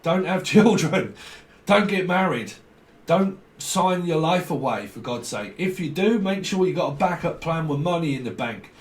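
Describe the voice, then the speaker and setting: A man's voice: a little high, lively intonation, normal speed. Rambling man reading tarot. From near London. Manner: free-associating, swearing, chuckling. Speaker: tarot reader. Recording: roomy sound, mic at a distance.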